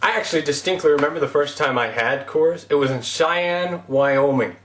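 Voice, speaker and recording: A man vlogs to camera in a loose, rambling style, mocking himself as he goes. His voice sits a little high. The room around him is echoey. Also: normal speed, very noisy. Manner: rambling, self-mocking, with laughs. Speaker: vlogger. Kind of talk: casual comic monologue.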